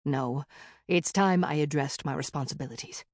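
A man's voice: fairly high pitch, moderate pace, no echo, studio quality, pitched below the performer's own voice. A woman voicing a weary young male vampire prince who talks in short, clipped questions. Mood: dry, weary.

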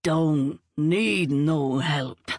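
A woman's voice: low voice, gravelly, dry recording, clean studio sound, far from the mic, exaggerated voice. A woman voicing a surly, drunken dockside man who slurs his words and snarls. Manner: slurred, snarling, slow drawl.

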